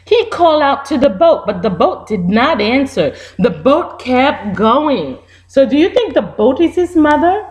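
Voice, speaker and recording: Reading a picture book to children, a teacher who grew up speaking Haitian Creole keeps her high voice lively and full of pitch swings. She takes it slow and deliberate, stopping now and then to quiz the kids, and her energy never drops.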